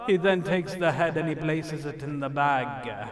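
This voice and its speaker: A man preaching in a mosque, his somewhat high voice pushing higher as he retells a tragic story. He hesitates with "uh" between phrases. The murmur of a congregation is clearly heard behind him. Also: normal speed, crowd noise. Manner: impassioned storytelling, voice rising when quoting, frequent "uh" fillers. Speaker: sheikh giving a sermon. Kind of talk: emotional religious sermon narration.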